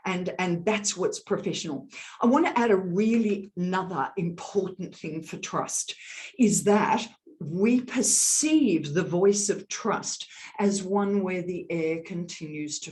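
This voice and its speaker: A woman executive coach answering interview questions on a video call, talking in an animated, demonstrative way about voice and leadership. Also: on the low side, measured pace. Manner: animated, demonstrative, explains with vocal examples. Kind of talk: virtual summit interview.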